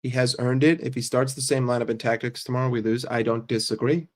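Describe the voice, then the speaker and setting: A man with a medium-pitched voice hosts a casual livestream. He reads chat messages aloud and responds in a blunt, sarcastic, swearing rant. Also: little pitch movement, fast talker. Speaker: livestream host reading chat.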